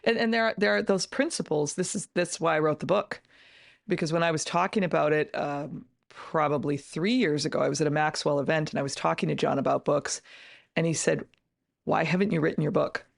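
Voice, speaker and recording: Middle-aged woman guest, emphatic and earnest, gravelly, dry close sound. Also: low-pitched, fairly quick, no echo. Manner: emphatic and earnest, with many restarts. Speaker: podcast guest, author and entrepreneur. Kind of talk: casual interview conversation.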